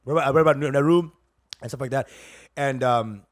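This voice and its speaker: A man's voice: mid-range voice, brisk. A man co-hosting a comedy podcast, talking in casual chat with a brash, joking, emphatic manner.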